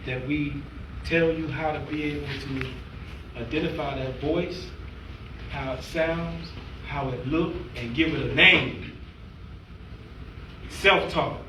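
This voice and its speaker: A man working as a youth mentor, giving a conversational, plain-spoken motivational talk to a group. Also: fairly high pitch. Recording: echoey room, mic far off, faint noise.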